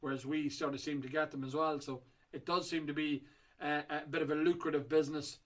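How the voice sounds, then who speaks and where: Briskly and with a flat delivery, a middle-aged man hosting a whiskey auction chats his way through upcoming lots, his pitch slightly higher than typical for a man. He rambles, loops back, and fills his speech with ums and uhs.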